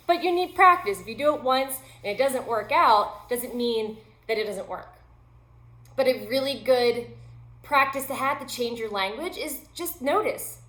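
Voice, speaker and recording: A woman's voice: high-pitched, fairly bright tone, roomy sound. A woman host and yoga teacher giving a motivational self-help talk, upbeat and chatty, with self-deprecating humor.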